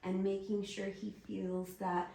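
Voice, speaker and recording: A woman giving soft, soothing guided instruction and gentle encouragement as a workshop instructor. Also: mid-range voice, flat delivery, a little slow, gravelly. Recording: roomy echo, distant mic, faint noise.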